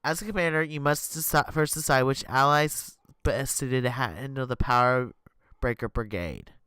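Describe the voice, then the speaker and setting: A man streaming live, reading an interactive story aloud in an animated way and tripping over words. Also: medium pitch, normal speed, smooth, dry recording.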